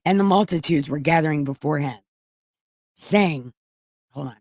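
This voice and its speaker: A woman's voice: low-pitched, moderate pace, darkish tone, dry recording, studio quality. A woman reading scripture aloud for comedy, breaking off into profane, mocking asides and interrupting herself as she goes. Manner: loose, self-interrupting delivery. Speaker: comedic Bible reader. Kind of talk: irreverent scripture reading with commentary.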